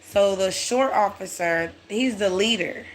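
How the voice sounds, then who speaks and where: A speaker telling a personal story in a casual, animated, blunt way with frequent swearing. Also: medium pitch, measured pace, a little hiss or hum.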